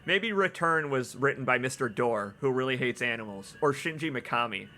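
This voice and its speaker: A man casually commenting on a video game as he plays. He reads the in-game notes aloud and bursts into loud, exclaiming laughs at the jokes. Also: mid-range voice, expressive, moderate pace, faint music behind. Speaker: streamer playing a video game. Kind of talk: casual let's-play commentary.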